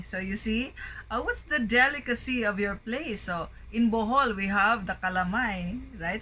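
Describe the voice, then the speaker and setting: A woman's voice: mid-range voice, pushed and bright, low-quality recording. A woman with a Filipino accent, teaching an English pronunciation lesson and drilling words one by one. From Philippines. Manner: slow, deliberate word drilling.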